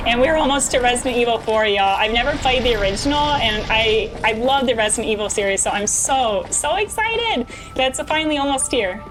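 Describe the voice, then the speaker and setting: A woman's voice: on the high side, low-quality recording. A young woman streaming a game, chatting casually with her viewers and laughing often. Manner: bubbly, chatty, laughs often, talks to chat. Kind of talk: casual gameplay chat.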